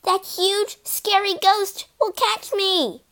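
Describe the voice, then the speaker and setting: A woman voicing a timid, easily frightened little ghost in a storybook reading, with high squealy cries and shaky questions. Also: fairly even intonation, takes it slowly, a bit bright, exaggerated voice. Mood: nervous.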